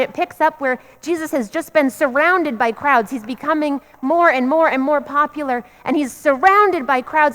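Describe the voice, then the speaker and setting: High-voiced woman preaching in a reverberant church. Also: fairly bright tone. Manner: earnest, repetitive preaching cadence. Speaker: pastor. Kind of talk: sermon. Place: church sanctuary.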